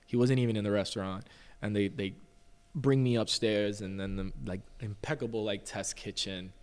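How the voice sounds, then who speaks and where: A man from Rico, a chef and podcast guest telling a story in a loose, animated way with lots of fillers. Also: lowish voice, moderate pace, big-room sound. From Puerto Rico. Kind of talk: casual storytelling interview.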